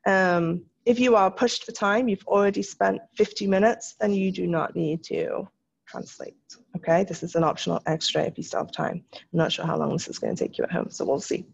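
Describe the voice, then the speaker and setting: A woman's voice: on the low side, expressive, a little fast, vocal fry, breathy edge. A woman French teacher giving a recorded lesson, patiently explaining in English with French phrases. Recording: dull lo-fi recording.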